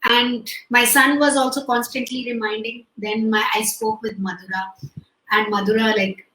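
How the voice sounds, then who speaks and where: A woman's voice: fairly high pitch, level tone, normal speed, pushed and bright, echoey room, slight background noise, rough recording. A woman in her late forties with an Indian English accent, telling a personal story in an interview, full of "like" and "you know" fillers. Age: late 40s. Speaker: guest. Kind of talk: conversational interview over video call.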